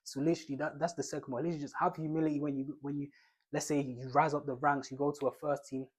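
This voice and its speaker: A young man talks football tips at a rapid clip, his husky voice sitting a bit high for a man. He rambles in slang, restarting phrases and searching for words as he goes. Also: flat delivery. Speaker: football advice vlogger. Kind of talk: casual advice monologue.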